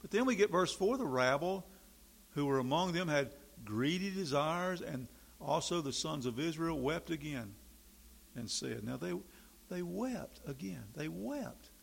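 A man preaching a sermon in an animated, sarcastic way, swinging from quiet remarks to loud, emphatic bursts. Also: on the high side, measured pace, vocal fry, husky.

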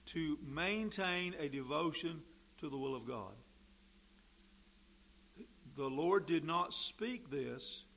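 A man preaching a sermon, slow and deliberate, stressing key words and pausing often. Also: a little high, gravelly, fairly bright tone, a little hiss or hum.

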